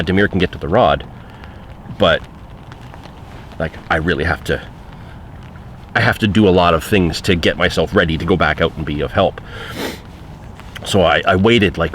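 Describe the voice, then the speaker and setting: A man's voice: deep voice, fairly bright tone, a little hiss or hum. A man recounting a fishing trip in a casual spoken anecdote, conversational and full of fillers.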